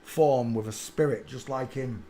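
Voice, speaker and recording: A man hosting a live stream, rambling through a monologue and now and then bursting into excited shouts. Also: mid-range voice, unhurried, a little hiss or hum. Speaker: livestream host.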